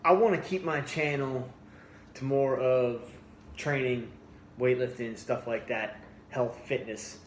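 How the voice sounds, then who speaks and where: A man's voice: medium pitch, steady tone, slow, a little hiss or hum. Blunt man ranting in an echoey room. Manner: blunt, repeats himself, restarts sentences. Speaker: fitness vlogger. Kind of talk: heated opinion rant. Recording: echoey room with faint ambience.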